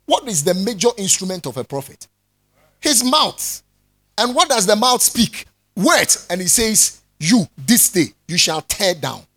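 In a high-pitched voice and at a slightly slow pace, a man preaches an animated sermon as pastor, joking with the congregation and inviting their responses.

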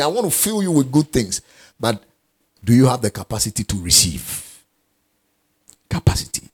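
Male preacher, husky voice, animated pitch, deliberate emphatic delivery. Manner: emphatic, repeats key phrases, asks the congregation questions. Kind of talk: sermon.

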